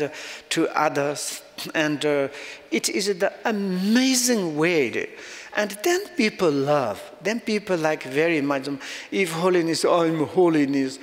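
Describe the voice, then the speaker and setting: Tibetan-accented man teaching in a hall. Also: a little high. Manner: halting non-native English with fillers, storytelling. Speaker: Buddhist teacher. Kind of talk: Dharma teaching.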